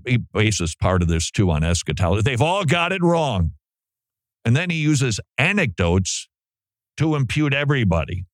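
A man preaching and critiquing teaching in an animated way, now and then putting on mocking voices. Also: fairly low pitch, no room sound. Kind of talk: preaching commentary.

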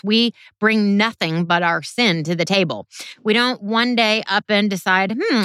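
A woman delivers an earnest Bible teaching in a sermon style, reading verses aloud and then explaining them. Her pitch sits in a middle range, and she stresses her points by slowing down and then pressing forward. The recording is close and dry, with no room echo. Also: fairly bright tone. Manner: earnest, emphatic, varying pace for stress.

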